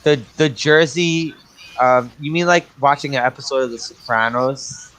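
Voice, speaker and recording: A man's voice: medium pitch, moderate pace, a bit bright, rough recording. A man in a casual online group chat, telling crude stories with a joking manner. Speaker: panelist.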